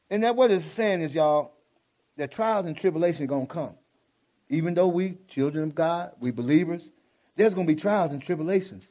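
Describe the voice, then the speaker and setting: A man's voice: fairly high pitch, expressive, brisk, dark tone. A man preaching a sermon in a folksy, exclaiming way. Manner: folksy, exclaiming, prone to laughter.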